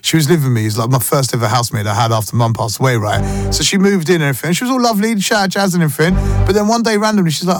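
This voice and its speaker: A man's voice: mid-range voice, lively intonation, fast. Young guy hosting radio, slangy and chatty, music playing underneath. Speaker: radio host. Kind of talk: casual radio chat. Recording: music bed behind voice.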